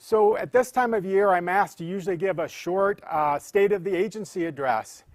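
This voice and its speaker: A man's voice: sits high, normal speed, no echo. A man who heads a charity, giving an earnest, heartfelt welcome speech. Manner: earnest, warm-hearted address. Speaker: charity president and CEO.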